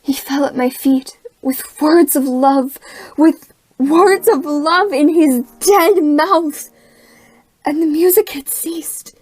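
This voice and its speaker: A woman playing a young woman who recounts a terrifying captivity in hushed, haunted narration. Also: high voice, no echo. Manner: hushed, haunted recounting, rising into frantic cries. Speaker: actress narrating in a student short film. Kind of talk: dramatic storytelling narration.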